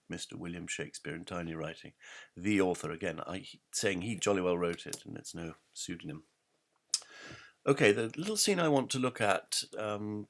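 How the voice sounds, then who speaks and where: A man giving an explanatory lecture, halting often with ums and reading quotations aloud. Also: sits low, creaky, a bit bright. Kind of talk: explanatory lecture on literary history.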